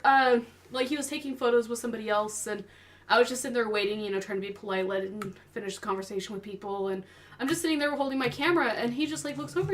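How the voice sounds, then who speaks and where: A woman with a slightly high voice chats on a podcast. She tells anecdotes in a lively way, putting on little voices for the people she quotes. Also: slight background noise. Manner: animated storyteller, acts out quotes. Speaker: podcast co-host. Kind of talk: casual chat.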